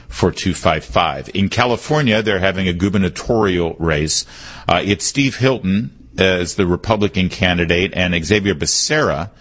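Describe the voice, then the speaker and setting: A man's voice: deep voice, a bit bright. A man hosting a talk radio show, delivering an opinionated, punchy monologue and repeating the call-in number.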